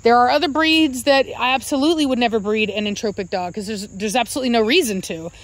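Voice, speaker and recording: A woman who breeds dogs, chatting casually to viewers in a rambling, self-correcting way. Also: fast talker. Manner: rambling, self-correcting, calls out to her dogs in a high coaxing voice. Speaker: dog breeder and channel host. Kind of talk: casual vlog talk to viewers.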